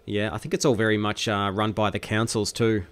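A man's voice: fairly low pitch, little pitch movement, brisk, fairly bright tone, smooth. A man with an Australian accent hosting a stream, chatting in a laid-back, matter-of-fact way with local slang. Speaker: stream host. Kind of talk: casual chat.

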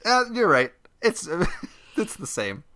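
A man's voice: sits high, wildly swooping pitch, slow pace, pushed and bright. A man co-hosting a podcast in casual chat, rambling and self-mocking and laughing often. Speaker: podcast co-host.

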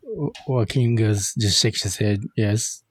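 Male podcast co-host, husky and low-pitched, dry and low-key. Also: steady tone, moderate pace, a little mellow. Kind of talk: casual movie discussion.

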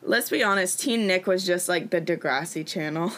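A young woman, co-hosting a podcast in casual chat, chatty and quick to laugh, her voice still in its morning state. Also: lowish voice, fairly bright tone. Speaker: podcast co-host.

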